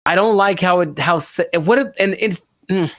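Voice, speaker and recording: A man's voice: high voice, moderate pace, a bit bright, no echo, clean studio sound. A young man co-hosting a casual talk show, rambling and wry, often cutting himself off mid-thought. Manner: rambling, self-interrupting, wry. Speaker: podcast co-host. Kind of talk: casual chat.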